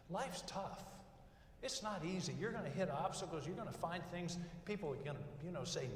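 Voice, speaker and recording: An older man delivers a folksy graduation speech in a large hall, working through numbered pieces of advice with lively intonation at normal speed. His voice is high and a bit bright. The mic is distant, so the echoey hall comes through along with faint background noise.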